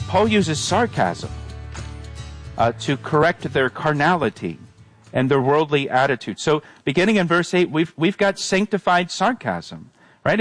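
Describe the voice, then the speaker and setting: Higher-voiced pastor preaching. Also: male voice, sing-song, a little slow, no room sound, faint music behind. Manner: earnest, repeats phrases, rising emphasis. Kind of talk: sermon.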